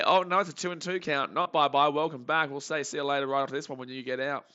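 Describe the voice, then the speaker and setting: A young Australian man hosting a live baseball reaction stream, joking with chat and calling pitches, swinging from muttering to shouting. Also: fast, few pauses, clear, resonant tone, lo-fi sound. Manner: excitable, jokey, swings between muttering and shouting.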